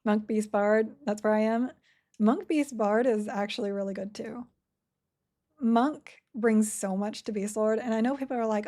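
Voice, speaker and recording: A woman's voice: fairly high pitch, normal speed, dark tone. A woman live-streaming a game, chatting cheerfully and answering questions from chat as she plays. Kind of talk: casual live-stream chat while playing.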